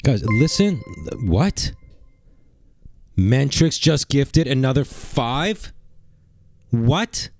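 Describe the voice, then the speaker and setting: A man streaming live, chatting brashly and excitably to his viewers and reading out gifts. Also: medium pitch, extremely slow, pauses often, no echo, soft background music. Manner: brash, excitable, talks to chat. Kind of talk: casual livestream chat.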